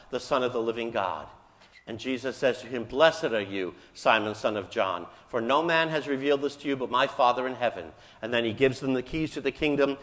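A man's voice: mid-range voice, a bit bright. A man who is a Catholic priest, preaching a homily in a conversational storytelling manner and voicing the people in his stories. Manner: conversational storytelling, acting out voices in quotes. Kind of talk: sermon. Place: church. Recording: live in a church with long reverb.

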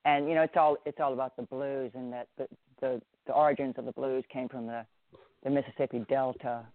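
A man's voice: medium pitch, steady tone, a little fast, no room sound, phone-quality sound. A middle-aged man with a Southern US accent, a writer answering interview questions thoughtfully, often restarting and repeating words. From Southern United States.

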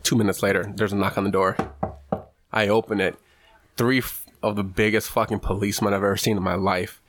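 A young man casually telling a story in a podcast chat, animated and swearing often, acting out what people said. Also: on the low side, fairly quick. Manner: animated, swears a lot, acts out quotes.

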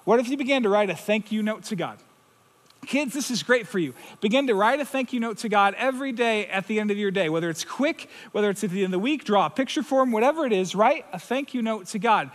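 High-voiced man preaching in a hall. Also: animated, fast. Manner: earnest, conversational preaching with repeated "right?". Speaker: pastor. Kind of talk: sermon.

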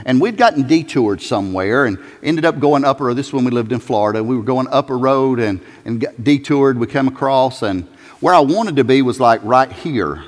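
A male pastor preaching a sermon in a folksy, emphatic way, building to loud peaks. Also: mid-range voice, animated, fairly quick. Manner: folksy, emphatic, rising to shouts. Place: church sanctuary. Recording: church hall reverb.

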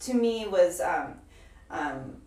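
A woman's voice: fairly low pitch, lively intonation, takes it slowly, darkish tone, echoey room, far from the mic. A woman asking family members questions in a casual chat, curious and encouraging. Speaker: interviewer asking about family.

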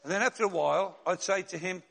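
A middle-aged man preaching a sermon as pastor, telling stories and slowing down to stress key words. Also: high voice, creaky, fairly bright tone. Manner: storytelling, slows and rises for emphasis.

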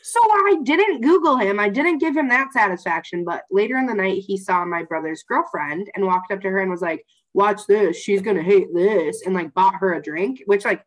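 A woman's voice: mid-range voice, animated, brisk, few pauses, rough recording. A young woman co-hosting a podcast, telling a story in casual chat, swearing freely and laughing as she goes. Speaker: podcast co-host.

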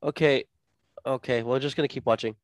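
A man co-hosting a casual podcast, playing a deadpan straight interviewer. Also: medium pitch, brisk, no room sound, clean studio sound. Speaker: podcast co-host.

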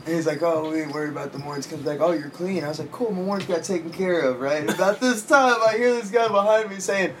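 Chill guy telling a story to his buddies, a bit high voice, noisy background with bugs chirping. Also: fast talker, hardly any pauses. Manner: laid-back storytelling, slangy, laughs often. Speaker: storyteller in group chat. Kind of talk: casual chat.

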